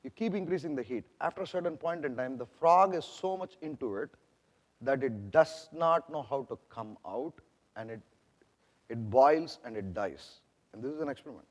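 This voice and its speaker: A man's voice: medium pitch, animated, moderate pace. Indian-accented man presenting in an echoey hall. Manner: conversational, frequent restarts and "right?" checks to the audience. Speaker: product manager presenting at a conference. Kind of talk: conference presentation. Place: large conference hall. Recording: long echo of a conference hall.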